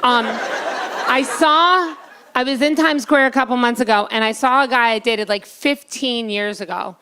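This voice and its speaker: A woman's voice: fairly high pitch, moderate pace, bright, forceful tone, smooth. A woman doing stand-up in a comedy club, brash and teasing, talking straight to the audience. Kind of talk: stand-up set. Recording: live club, crowd laughter and noise.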